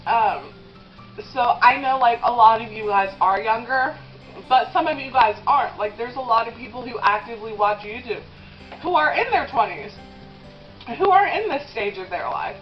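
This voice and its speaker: A woman's voice: a little high, expressive, normal speed, highs cut off, soft background music. A woman in her twenties talking in a confessional vlog while eating, rambling with lots of "um" and "like", and tearful at times. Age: 20s. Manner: rambling, with many "um" and "like" fillers. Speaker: vlogger.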